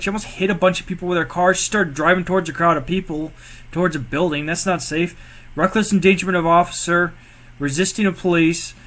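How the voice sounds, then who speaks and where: A man with a fairly high voice talks over a video in casual commentary. He sounds exasperated, circles back to the same point again and again and swears freely. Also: a bit bright. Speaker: co-host reacting to police footage.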